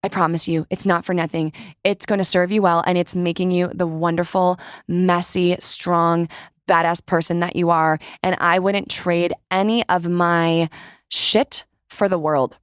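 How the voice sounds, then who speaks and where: A young woman hosts her podcast in a casual solo monologue, candid and chatty, with lots of "like" and some casual swearing. Her voice sits on the low side with little pitch movement, a little slow and smooth. The studio-quality recording has no room sound.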